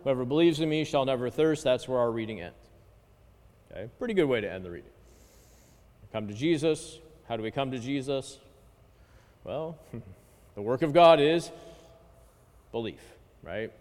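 A man leading a Bible study lesson who keeps checking in with his listeners by asking "okay?" and "right?". He reads Greek and Hebrew phrases aloud slowly. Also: medium pitch, lively intonation, a little mellow. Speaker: Bible class teacher. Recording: reverberant hall.

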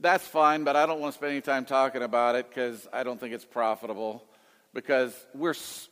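A man's voice: mid-range voice, a bit bright, big-room sound. A man in his late fifties, a radio Bible teacher answering callers in a folksy, rambling way with restarts. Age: 50s. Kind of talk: call-in radio chat.

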